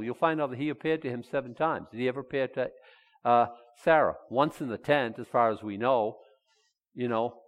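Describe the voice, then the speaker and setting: A man, folksy and animated, acting out Bible figures in quick dialogue. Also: mid-range voice, long reverb tail. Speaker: pastor. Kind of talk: conversational sermon.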